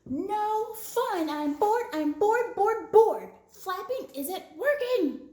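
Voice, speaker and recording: A woman's voice: medium pitch, expressive, a little slow, roomy sound. A woman voicing a small, eager and impatient bird in a children's storybook reading. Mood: whiny tantrum. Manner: bouncy, whiny when frustrated.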